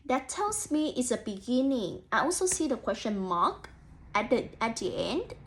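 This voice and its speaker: A woman's voice: on the high side, sing-song, moderate pace, fairly bright tone. A young woman student teacher reading a picture book aloud to children and thinking aloud about it in an encouraging way. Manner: encouraging, frequent 'so' and 'mm', addresses imagined children.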